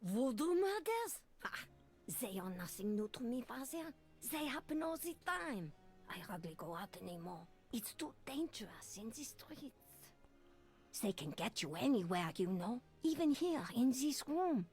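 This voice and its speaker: An actress playing a fearful, secretive elderly Creole woman in a mystery game, with a French-tinged Creole English accent and a breathy voice that drops to whispers. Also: a little high, big pitch swings, a little slow, darkish tone, faint music behind.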